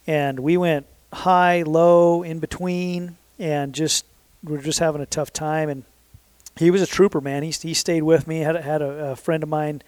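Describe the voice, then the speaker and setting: Man, 30s, easygoing storyteller with a slightly high voice, dry close sound, meandering and self-correcting. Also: flat delivery, normal speed, a little mellow, no echo. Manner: rambling, self-correcting, frequent fillers. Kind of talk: casual storytelling. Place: southern Utah.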